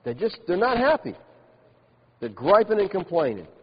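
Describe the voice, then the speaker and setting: A man's voice: high-pitched, normal speed, slightly rough. Male pastor preaching in a big hall. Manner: animated, mocking the complainers with laughs and exaggerated quotes. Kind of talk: sermon with scripture reading. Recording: dull lo-fi sound in a large reverberant hall with faint hiss.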